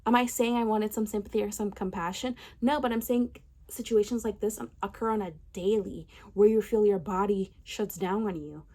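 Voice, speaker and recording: A woman's voice: mid-range voice, fairly even intonation, normal speed, few pauses, dark tone. Impassioned woman ranting to camera. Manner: emphatic, ranting, repeats phrases for effect. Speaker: commentary vlogger. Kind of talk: impassioned social commentary.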